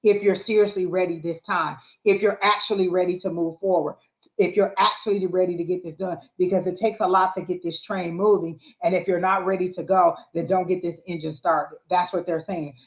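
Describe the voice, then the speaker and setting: A woman's voice: on the low side, steady tone, a little fast. A woman giving live psychic tarot readings, talking in an encouraging, repetitive way with frequent fillers. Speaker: psychic reader. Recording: roomy echo.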